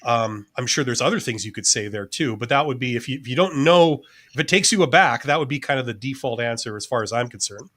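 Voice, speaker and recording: A man's voice: medium pitch, lively intonation, quick pace, few pauses, fairly bright tone. A man, a former CEO and hiring manager, co-hosting a live-stream career Q&A in a loose, conversational way, often repeating words as he thinks.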